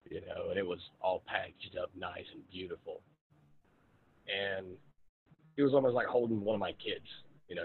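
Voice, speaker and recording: Man, podcast host, very low voice, phone-like sound, faint hiss, relaxed and frank. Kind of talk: casual conversational interview.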